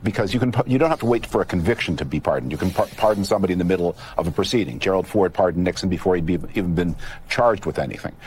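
A man's voice: fairly low pitch, a little mellow, a little hiss or hum. A man, a political commentator, giving an urgent, explanatory answer in a television interview clip.

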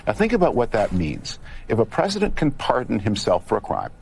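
A man's voice: medium pitch, wildly swooping pitch, fairly quick, creaky, darkish tone, husky. A man, a political commentator, giving an urgent, explanatory answer in a television interview clip.

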